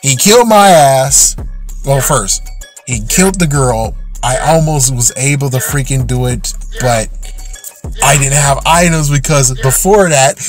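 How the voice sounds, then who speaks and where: A man's voice: mid-range voice, measured pace, faint music behind. A man ranting angrily and swearing as he vents about an online game. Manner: ranting, frequent swearing, exasperated. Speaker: gaming channel host. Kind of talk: angry gaming rant.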